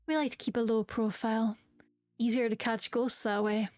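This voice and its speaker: A middle-aged con man hams up a fake Scottish accent as a grave ghost historian, as a woman puts him on. He drawls every word with mock gravity, a little high-pitched. The sound is close and dry. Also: fairly even intonation, normal speed, a little mellow, no room sound, natural voice. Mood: mock-serious. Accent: put-on Scottish.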